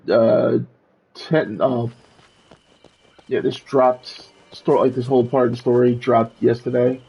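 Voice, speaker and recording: A man's voice: mid-range voice, low-quality recording. A man streaming a video game, chatting casually and self-deprecatingly while he plays. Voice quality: gravelly, raspy. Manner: relaxed, self-deprecating, thinking aloud.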